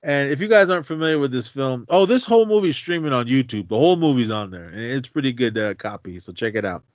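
A man on a movie podcast walks through a scene in easygoing chat, breaking into laughs and acting out the characters' lines. His voice sits at an ordinary pitch. The audio is dry and a little dull, a lo-fi recording. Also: fast talker, no room sound. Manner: laughs often, animated retelling of scenes. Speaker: podcast co-host. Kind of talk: casual movie recap chat.

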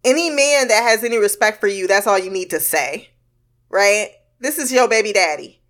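A woman's voice: mid-range voice, animated, moderate pace, fairly bright tone. A woman casually commenting on a film, swearing freely and laughing often. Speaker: reaction commentator.

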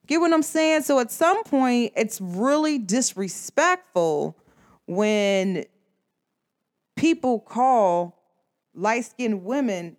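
A woman venting to her viewers in a casual, emphatic monologue, talking straight to the camera in slangy everyday speech. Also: medium pitch. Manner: emphatic, slangy and conversational, addresses viewers directly. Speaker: vlogger.

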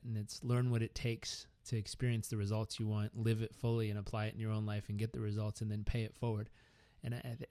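A man's voice: medium pitch, a little mellow, no room sound. Reflective male interview host. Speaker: podcast host. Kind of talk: interview conversation.

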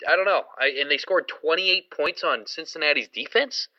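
A male sports podcast co-host with a fairly high, sharp-toned voice talks at a moderate pace in easygoing chat, often hedging with "I mean". The audio is dry, dull lo-fi with no room sound.

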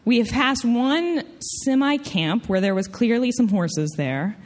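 A woman from Tennessee with a Southern US accent, telling a personal story live on stage in a lively, self-mocking way. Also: a little high, a little slow.

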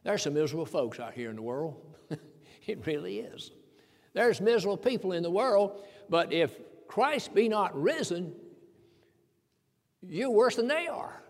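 Male preacher, high voice, folksy sermon delivery, slows for scripture quotes, long reverb. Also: big pitch swings.

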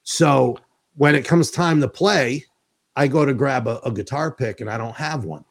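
A middle-aged man hosting a casual chat, telling stories in an animated way and laughing often. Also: mid-range voice, normal speed. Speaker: host.

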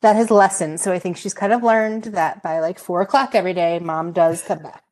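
A woman's voice: lowish voice, a little fast, darkish tone. A woman hosting an education podcast, chatting and interviewing in a friendly way. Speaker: podcast host. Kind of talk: casual chat.

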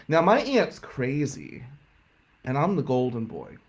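A man telling a comic story in an animated, profane, incredulous way. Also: medium pitch, a little slow, breathy edge. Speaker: stand-up comedian.

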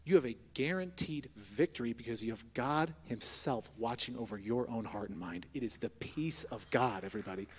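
A man preaching a sermon as pastor, moving between hushed prayer and loud, emphatic exhortation. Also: mid-range voice, moderate pace, few pauses, slight background noise. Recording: long hall reverb.

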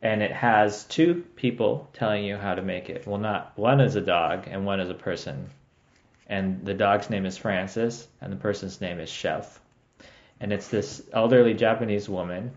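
A man's voice: fairly low pitch, normal speed. A man co-hosting a podcast in a casual, rambling chat, laughing often. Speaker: podcast co-host. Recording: echoey room, dull lo-fi sound.

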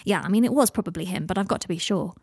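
A woman's voice: fairly low pitch, rapid-fire, creaky, a little mellow, breathy edge, no room sound, clean studio sound. A woman voicing a lonely, earnest young man. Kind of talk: audiobook reading of fan fiction.

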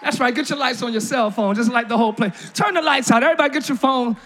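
A male pastor preaching a lively, playful sermon in a large church, often shouting to the congregation. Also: very high-pitched, fast talker, some chatter behind.

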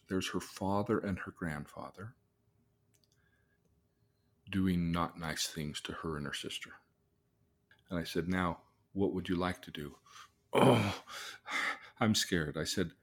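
A man with a somewhat low voice tells a case story as a therapist would. He acts out the people in it as he goes, dropping into soft, low asides and then rising into loud, excited bursts. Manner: vivid storyteller, acts out the people in his stories.

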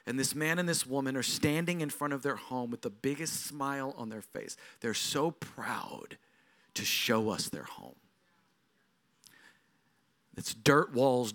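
Speaking in a mid-range voice, a middle-aged man who serves as lead pastor delivers a sermon. He preaches through storytelling, moving from hushed stretches to forceful ones.

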